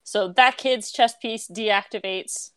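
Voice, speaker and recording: A woman's voice: mid-range voice, slow pace, smooth, dry recording. A woman narrating as game master of a tabletop game, casual and laughing often.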